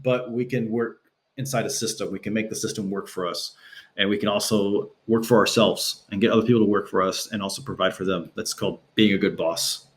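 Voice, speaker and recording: A man speaking as a guest on a podcast, telling stories casually and acting out quotes with shifting pitch. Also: darkish tone. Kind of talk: casual conversational storytelling. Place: Los Angeles.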